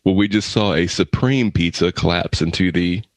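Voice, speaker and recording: A man's voice: sits low, normal speed, no echo. A man co-hosting a comedy podcast, bantering in a wry, teasing way and laughing often. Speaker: podcast co-host.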